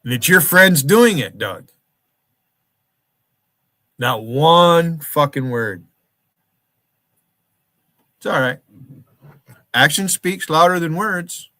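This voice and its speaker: Man, livestream host, angry profane rant, higher-pitched voice, dry close sound. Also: lively intonation, slow, pauses often, pushed and bright, no room sound. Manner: profane, confrontational, calls out viewers by name.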